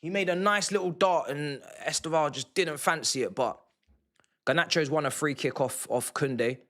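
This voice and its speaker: A young man hosting a live football watchalong, muttering reactions that flare into loud outraged shouting. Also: on the high side, moderate pace. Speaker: livestream football watchalong host. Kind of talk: live match watchalong commentary.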